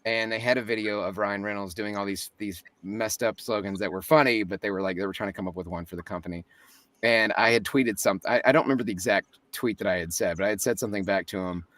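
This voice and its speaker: A man's voice: fairly low pitch, steady tone, quick pace, a bit bright, no room sound, far from the mic. A man, a voice actor, talking as a guest in a casual interview, chatty and joking, often laughing.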